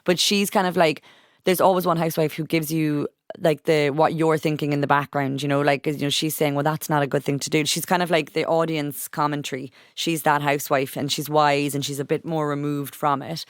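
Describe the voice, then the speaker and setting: Chatty woman podcast host, smooth voice. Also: low-pitched, fairly quick, dry recording, studio quality. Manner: chatty, animated, lots of fillers. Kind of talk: casual chat.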